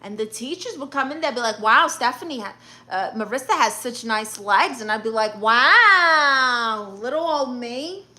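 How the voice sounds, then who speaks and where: A brassy, self-admiring Brooklyn auntie who fancies herself a therapist, as a woman puts her on for a livestream. Her voice is bright and forceful, sitting a touch high, and she fires back at the chat with blunt sass and a thick Brooklyn accent. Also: a little fast. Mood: sassy. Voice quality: sassy, blunt, boastful. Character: brash middle-aged Brooklyn aunt posing as therapist. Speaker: livestream host. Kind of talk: in-character livestream chat reading.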